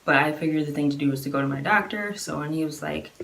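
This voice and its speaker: Woman in her 20s, pretty low voice, rambly vlog storytime w lots of ums and likes. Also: quick pace, a bit bright, a little hiss or hum. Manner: chatty, many fillers, acts out quoted voices. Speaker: vlogger telling her own story. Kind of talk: casual personal storytelling.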